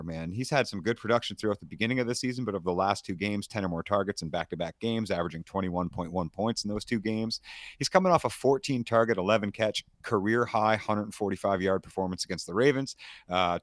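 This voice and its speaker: Low-voiced man breaking down fantasy stats. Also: dry recording, clean studio sound. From Canada. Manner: stat-heavy, energetic breakdown. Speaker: fantasy football podcast co-host. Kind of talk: casual sports podcast analysis.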